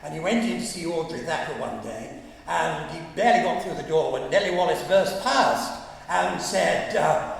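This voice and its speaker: A man from England tells chuckling anecdotes, dropping into quoted and sung snatches as he goes. His voice sits fairly high and has a gravelly fry. He is heard from a distance in a hall with long, echoing reverb. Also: animated, slow pace. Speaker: guest speaker. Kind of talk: anecdotal talk. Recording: echoey hall, mic far off, faint hum.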